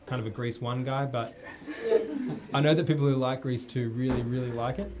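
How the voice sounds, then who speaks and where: A young man with an Australian accent talks in loose, rambling phrases at an ordinary pitch. He laughs easily as he chats in a radio studio, with a light hiss in the background. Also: fairly quick. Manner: relaxed, rambling, laughs often. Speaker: musician guest. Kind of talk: casual interview chat.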